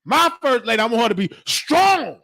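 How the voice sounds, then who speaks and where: A man's voice: very high voice, sing-song, normal speed, creaky, bright, forceful tone, no echo. A man delivering a comedic mock sermon in a preachy, scolding church cadence. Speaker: host.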